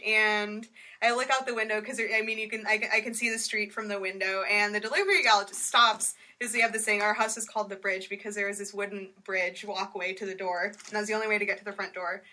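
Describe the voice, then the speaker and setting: A woman telling a funny story in casual chat, animated and laughing as she acts out what people said. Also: medium pitch. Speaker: storyteller guest.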